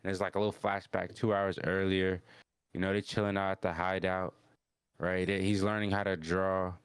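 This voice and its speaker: A man's voice: sits low, little pitch movement, moderate pace, clean tone, no echo, clean studio sound. A man hosting a podcast, casually recapping an anime episode in a rambling, slangy way with lots of restarts. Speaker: podcast host.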